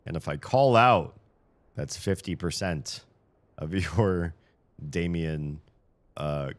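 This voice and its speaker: A deep-voiced man, worn out after a long day, hosts his live stream in loose, jokey chat. He rambles and trips over his words, restarting phrases as he goes. The sound is close and dry, with no room echo. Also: slow pace. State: tired. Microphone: studio microphone.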